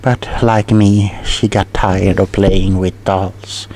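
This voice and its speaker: Guy doing a scatterbrained tingle salesman, whispered role-play, slow gravelly whisper, lowish voice. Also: flat delivery, a little hiss or hum. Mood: rambling. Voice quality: soft whispering. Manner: rambling, scatterbrained, stumbling over words. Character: rambling eccentric male tingle salesman. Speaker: ASMR role-play performer.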